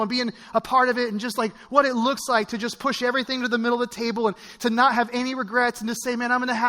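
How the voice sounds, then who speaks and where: Male pastor, 40s, high register, casual storytelling sermon with fillers, church hall echo. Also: fairly bright tone. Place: church auditorium. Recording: long reverb of a large church hall.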